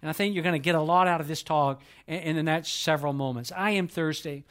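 A middle-aged man delivers a Sunday sermon with a fairly high voice. He tells stories earnestly and slows right down when he quotes scripture. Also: fairly even intonation. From Georgia, US. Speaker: pastor.

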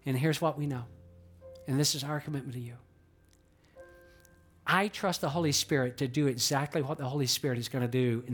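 Male pastor, earnest sermon delivery, light music bed behind. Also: medium pitch. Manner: earnest preaching with rhetorical questions. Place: church auditorium in a theater.

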